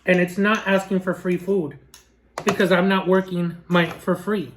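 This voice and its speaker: A woman's voice: on the low side, steady tone, moderate pace, a little hiss or hum. A woman food vlogger talking casually to camera in a sassy, ranting way and laughing often. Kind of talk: casual mukbang vlog chat.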